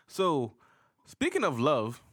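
A podcast co-host from Charleston, South Carolina, tells stories in relaxed chat, rambling and restarting his sentences. His voice is a little high and slow, recorded with clean studio sound and no echo.

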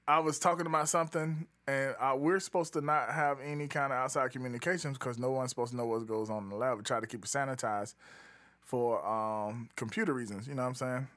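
A man chatting casually in relaxed slang, with lots of fillers, trailing off while he hunts for names. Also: medium pitch. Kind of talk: casual chat.

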